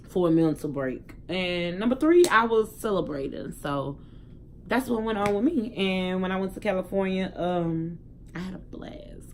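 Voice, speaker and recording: A woman's voice: sits low, slight background noise. A young woman telling a casual story to her viewers, chatty and candid. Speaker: vlogger.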